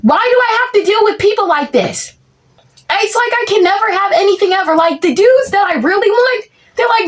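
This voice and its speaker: A young woman with a strikingly high voice rants through a comic monologue. She rambles and vents in exasperation, piling on filler words as she goes. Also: animated, moderate pace. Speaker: content creator. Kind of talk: comedic POV rant monologue.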